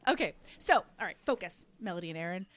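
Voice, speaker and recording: Lively, expressive woman chatting. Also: on the low side, fast, dry recording. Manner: animated, acts out characters' lines while retelling. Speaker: podcast co-host. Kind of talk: casual book-discussion chat.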